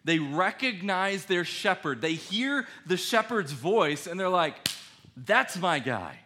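A man preaching a sermon in a conversational, animated way, asking his listeners questions. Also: high-pitched, a little slow, slight background noise. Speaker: pastor.

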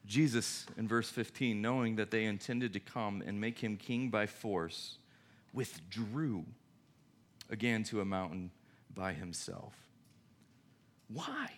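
A young man preaching casually to a youth group, conversational and jokey, with quick voiced asides. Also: fairly low pitch, fairly bright tone.

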